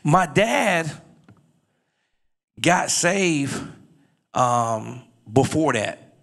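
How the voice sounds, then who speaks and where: A middle-aged man telling his life testimony as a guest speaker, dropping low and quiet in the story, then rising loud and high as he exhorts the listeners. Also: lively intonation, extremely slow, vocal fry.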